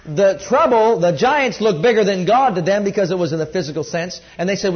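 A man preaching a sermon, rising loud on key points and dropping low when quoting scripture. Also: lively intonation, a little fast, muffled recording.

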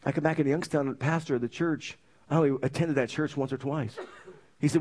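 Male pastor, animated storyteller, slightly high pitch, preaches with call-and-response amens. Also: fast talker. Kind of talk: sermon.

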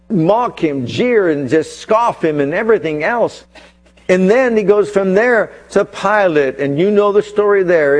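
A man with a fairly high voice delivers a sermon. He retells the story with dramatic flair and stretches key phrases slowly for weight. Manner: dramatic storytelling, slows for emphasis. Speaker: pastor.

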